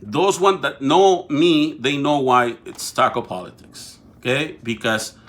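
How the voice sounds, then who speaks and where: A man's voice: medium pitch, unhurried, fairly bright tone. Mexican-accented man hosting a livestream. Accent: Mexican Spanish. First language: Spanish. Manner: talkative, repeats and restarts words, addresses viewers directly. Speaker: political show host. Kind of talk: casual live-stream talk.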